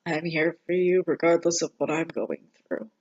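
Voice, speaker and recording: At a middling pitch, a vlogger gives a casual personal update, her delivery subdued and halting with many pauses and fillers. The intonation stays fairly even, and she sounds emotionally strained, close to tears. The audio is dull and lo-fi.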